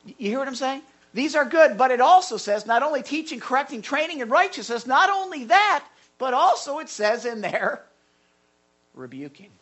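A male pastor preaching a sermon in an animated way, repeating words and adding asides. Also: very high voice, moderate pace.

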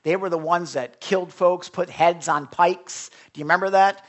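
A man preaching a sermon as pastor, moving between loud emphasis and hushed near-whispers, asking the congregation questions and often repeating words. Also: high-pitched, fairly even intonation, moderate pace.

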